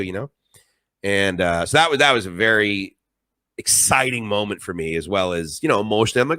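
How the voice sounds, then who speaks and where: Middle-aged male live-stream host, rambling and emphatic, low-pitched, dry close recording. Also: moderate pace, bright, forceful tone, dry recording. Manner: rambling, emphatic and emotional storytelling. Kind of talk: casual live-stream monologue.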